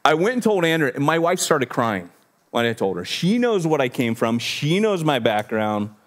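A man in his forties, a pastor telling a personal story in a sermon, conversational and self-deprecating, acting out the voices in his story. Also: moderate pace. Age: 40s. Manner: animated, acts out quotes with big pitch jumps.

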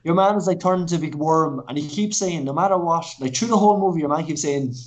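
A man's voice: on the high side, quick pace, rough recording. Rambling sweary man, podcast co-host. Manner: rambling, sweary storytelling, laughs at his own tales. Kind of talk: casual film review chat.

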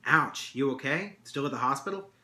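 A man's voice: mid-range voice, expressive, normal speed, bright, forceful tone. A man reading a story aloud and voicing a clever teenage brother with a dry, amused manner. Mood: wry. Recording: echoey room.

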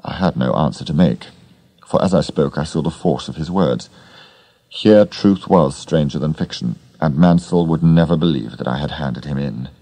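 A man narrating an audiobook story in a measured, steady manner. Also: a bass voice, no room sound. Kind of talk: scripted narration.

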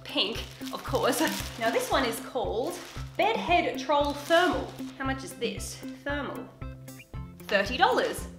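Bubbly high-voiced young woman YouTuber. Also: very animated, slow pace. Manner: bubbly and chatty, often laughing, talks to her pet. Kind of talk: casual try-on haul chat. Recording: echoey room with background music.

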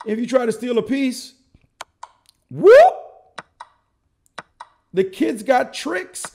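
A man's voice: extremely high pitch, lively intonation, moderate pace, gravelly, darkish tone. A middle-aged man giving a playful, joking chess lesson, acting out the players' reactions as he goes. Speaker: chess commentator.

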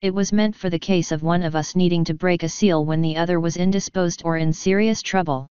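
A woman's voice: lowish voice, fairly even intonation, brisk, darkish tone, clean tone, no echo, lightly acted. A woman voicing a regal, solemn female pony princess who speaks formally. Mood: grave. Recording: dull lo-fi dry recording.

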